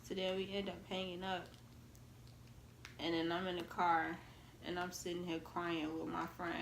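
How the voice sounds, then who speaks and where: A woman's voice: fairly low pitch, moderate pace, creaky, long pauses. Young woman in an echoey room telling a story. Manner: animated, acts out quoted voices. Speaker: vlogger, storytelling half of a couple. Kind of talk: casual storytime chat. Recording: echoey room with faint noise.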